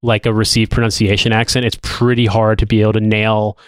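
A man co-hosting a podcast, chatting in a rambling, animated way with many restarts. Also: lowish voice, fairly quick, smooth, no echo. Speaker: podcast co-host. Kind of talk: casual chat.

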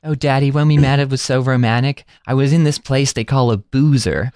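A man's voice: mid-range voice, fairly even intonation, a little fast, darkish tone, clear, resonant tone, dry recording, clean studio sound, natural voice. A man voicing a gushing young woman who tells her father a breathless, gossipy romance story. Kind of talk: mocking impression in casual chat.

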